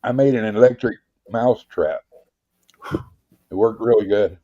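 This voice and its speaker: A man's voice: on the low side, a little slow, no room sound. A man joking in a laid-back way in a casual group chat. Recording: dull lo-fi sound.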